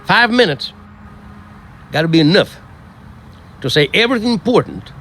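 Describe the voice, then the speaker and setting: A man's voice: high voice, very animated, normal speed, fairly bright tone, slight background noise, voice pushed up, exaggerated voice. A man imitating his elderly male teacher, a scholar with a West Virginian accent and a folksy, matter-of-fact way of speaking. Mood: advising. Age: older.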